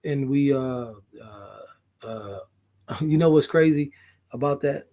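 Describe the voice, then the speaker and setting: A man's voice: medium pitch, takes it slowly, mellow. A man co-hosting a casual couple's podcast, talking earnestly, often cutting in and apologizing, with some swearing. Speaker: podcast co-host.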